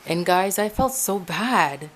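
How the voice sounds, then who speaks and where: A woman from Ecuador telling her own spiritual testimony in a casual, animated way. She speaks straight to her listeners as "guys", often restarting and repeating herself, recorded at home in her room. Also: lowish voice, takes it slowly, a little hiss or hum. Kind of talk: casual spoken personal testimony.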